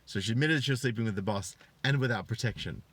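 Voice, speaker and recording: A man in his thirties with an Australian accent, hosting a live stream. He retells stories with rising excitement, greets viewers in chat, and swears freely. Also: quick pace. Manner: animated storyteller, swears freely, voice rises high when excited. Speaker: online show host.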